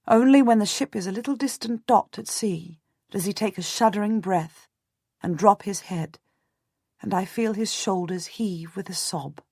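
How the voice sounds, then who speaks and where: A woman narrating a historical novel in the first person, measured and restrained, on a close studio mic. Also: mid-range voice, a little mellow, breathy edge, no room sound. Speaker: audiobook narrator.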